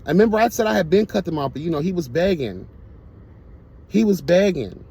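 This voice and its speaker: A man's voice: sits high, expressive, a little fast, gravelly, darkish tone, a little hiss or hum. A man telling a casual storytime monologue to his viewers, blunt, profane and emphatic. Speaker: storyteller vlogger.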